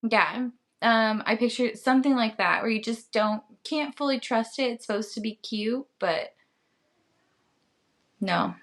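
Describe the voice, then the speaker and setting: Slow-talking woman podcast co-host. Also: a little high, a bit bright. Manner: unhurried, hesitant, full of filler words. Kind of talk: casual podcast chat.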